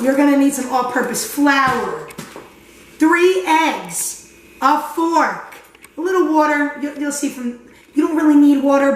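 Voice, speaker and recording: Goofy, crude young woman with a high voice. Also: a little hiss or hum. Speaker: comedic cooking host. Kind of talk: comedic cooking tutorial. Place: home kitchen. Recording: echoey kitchen, mic at a distance.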